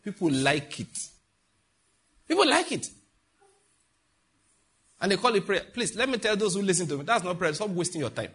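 A middle-aged man from Africa preaching a sermon as a pastor, emphatic and mocking, with sudden loud outbursts. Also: high voice, animated, fast talker, husky.

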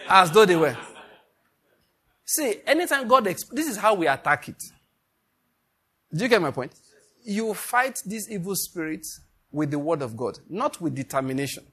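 A man preaches with a slightly high voice, drawing out scripture in slow, measured declarations. He repeats each line so the congregation can say it after him. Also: a bit bright. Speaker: pastor. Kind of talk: sermon with guided scripture meditation.

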